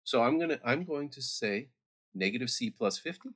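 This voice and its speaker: A man's voice: mid-range voice, expressive, normal speed, fairly bright tone, husky. A man teaching math over a screen recording, chatty and talking straight to his students with little asides.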